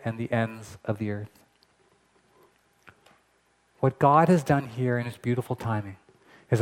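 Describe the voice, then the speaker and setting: Man preaching, lively and chatty. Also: medium pitch. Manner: lively, conversational preaching with asides. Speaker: pastor. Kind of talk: sermon.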